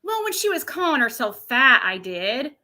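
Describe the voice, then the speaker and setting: A woman's voice: high voice, big pitch swings, normal speed, sharp tone. A woman streamer chatting casually to her viewers, rambling, with many restarts. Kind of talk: casual chat.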